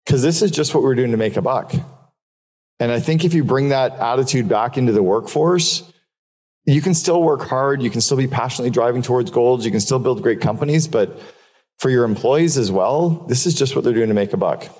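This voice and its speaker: A man with a medium-pitched, darkish, slightly rough voice speaks briskly at a live business keynote. He's candid and swears freely, telling stories and driving points home by repeating them, with long hall reverb in the recording.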